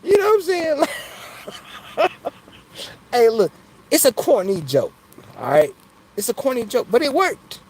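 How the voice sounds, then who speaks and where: Hosting an easygoing livestream, a man banters with his audience, laughs between jokes, and keeps saying "you know what I'm saying." His very high voice is highly animated, his pace measured with long pauses, and the poor audio carries slight background noise.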